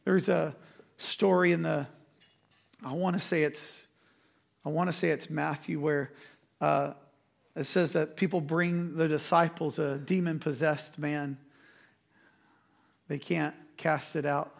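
Guy preaching a sermon, pretty high voice, kinda gravelly, chatty and emphatic. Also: steady tone, takes it slowly, pauses often. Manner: conversational, emphatic preaching with quoted asides. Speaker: pastor.

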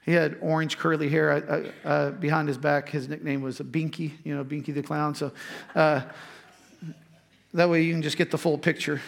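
A man's voice: on the high side, vocal fry. A man preaching, telling a personal story in a conversational way before turning to scripture. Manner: conversational storytelling, frequent restarts. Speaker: pastor.

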